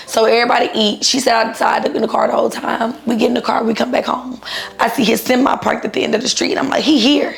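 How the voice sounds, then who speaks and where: A woman in her thirties tells a story in a blunt, profane, animated way, voicing each person she quotes. Her voice sits a little high and has a gravelly, fried edge. Faint music plays behind her. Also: fairly quick. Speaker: guest telling her own story. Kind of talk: casual storytelling.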